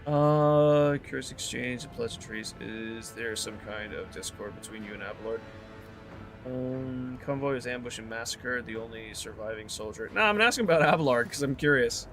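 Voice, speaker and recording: A man's voice: mid-range voice, normal speed, a bit bright, faint music behind. A man streaming a video game, chatting and thinking aloud as he plays. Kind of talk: casual gameplay commentary.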